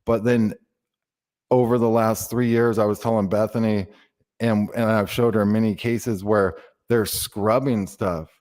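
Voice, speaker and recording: A man's voice: fairly low pitch, fairly even intonation, measured pace, a little mellow. A man on a podcast, earnestly explaining at length. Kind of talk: casual podcast chat.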